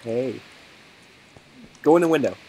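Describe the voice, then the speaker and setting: A man's voice: medium pitch, lively intonation, unhurried, heavy background noise. A man giving casual, joking commentary over his game video and talking to his viewers. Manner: joking, laughs often, talks to viewers. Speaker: gaming video host.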